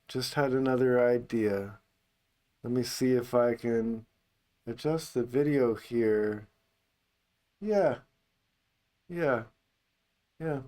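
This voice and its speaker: A man teaching meditation in an unscripted talk, speaking calmly and unhurriedly, only on the out-breath. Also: mid-range voice, slow, pauses often.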